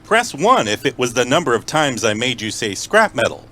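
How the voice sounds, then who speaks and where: A man making a prank phone call in a deadpan mock automated phone-menu voice. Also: mid-range voice, a little fast. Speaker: prank caller.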